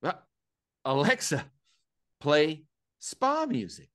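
A woman playing an exasperated man yelling at a gadget. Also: deep voice, sing-song, slow, exaggerated voice. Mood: irritated. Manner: exasperated, shouting at the device. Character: frustrated man arguing with his speaker.

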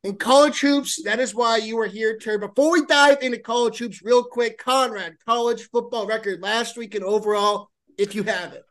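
A man with a high voice hosting a sports podcast. He rambles with plenty of restarts and swears freely, getting loud and excited in casual banter with his co-hosts. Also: normal speed, few pauses. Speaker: podcast host.

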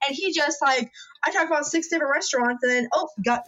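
Profane, animated woman storyteller. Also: high voice, fairly quick. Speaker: podcast co-host. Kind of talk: casual chat. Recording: dull lo-fi recording.

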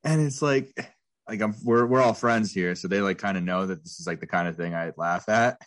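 A man's voice: low-pitched, brisk, fairly bright tone. A man co-hosting a podcast in casual chat, laughing often and rambling through his stories with restarts. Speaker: podcast co-host.

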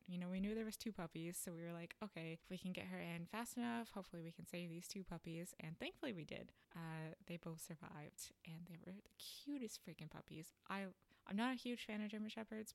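A woman's voice: on the low side, no room sound. A woman podcast host and vet tech telling stories in a casual, chatty way, full of "you know" fillers. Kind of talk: casual storytelling monologue.

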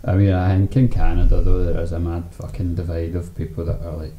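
A man's voice: sits low, level tone, fairly quick, lo-fi sound. A man co-hosting a podcast in casual chat, mostly giving short reactions and dry asides. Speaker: podcast co-host. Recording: echoey room with faint noise.

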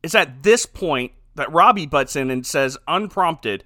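A man's voice: fairly high pitch, lively intonation, measured pace, hardly any pauses, pushed and bright, dry recording, studio quality. A man from Ohio recapping a movie in a comedic podcast chat, sarcastic and laughing often.

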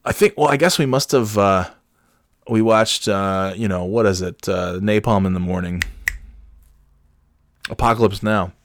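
A man's voice: on the low side, a little slow, pauses often, no echo. A man telling a story in a loose, rambling way, full of restarts, swearing and exasperation. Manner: rambling, profane, self-correcting and exasperated. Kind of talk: casual storytelling monologue.

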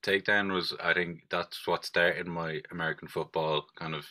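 A man's voice: sits low, fairly even intonation, normal speed, sharp tone. A young man with an Irish accent, chatting casually on a podcast with short, laid-back remarks. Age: young adult. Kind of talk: casual chat.

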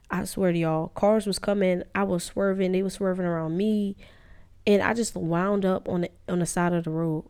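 A woman's voice: fairly low pitch, darkish tone. A young woman, casually telling a story to her viewers, cursing often and calling them y'all. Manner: profane, emphatic, addresses viewers as y'all. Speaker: vlogger.

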